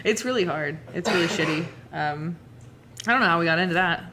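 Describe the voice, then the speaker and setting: A woman's voice: on the low side, a little fast, noisy background. Frank, sweary young woman podcast host. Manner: frank, sweary, rambling with many "like" fillers. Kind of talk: casual chat.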